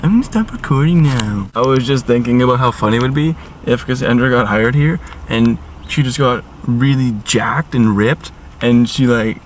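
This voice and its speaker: A man's voice: mid-range voice, steady tone, normal speed. A young man chatting casually to his camera, rambling and self-mocking in a silly mood. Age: young adult. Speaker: vlogger. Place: outdoors by a store. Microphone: handheld phone camera. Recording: distant mic, noisy outdoor recording.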